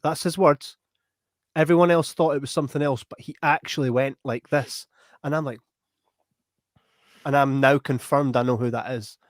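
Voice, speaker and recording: A man's voice: mid-range voice, moderate pace, no room sound, clean studio sound. A young Scottish man hosting a podcast, telling a long story in a casual, rambling way and often tagging on "right?". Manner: animated, rambling, repeats "right?". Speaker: podcast host.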